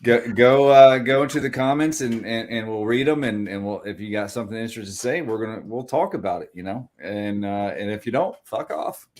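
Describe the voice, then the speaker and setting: A man's voice: lowish voice, a little fast, few pauses, a little mellow. A man co-hosting a sports podcast in casual chat, blunt and swearing freely. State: voice still deep from shouting. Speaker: podcast co-host.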